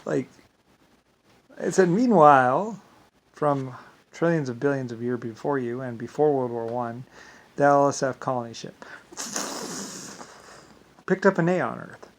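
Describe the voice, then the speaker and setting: A man's voice: mid-range voice, normal speed, pauses often. Rambling man vlogging a monologue. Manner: meandering, repeats "like I said" and "blah, blah".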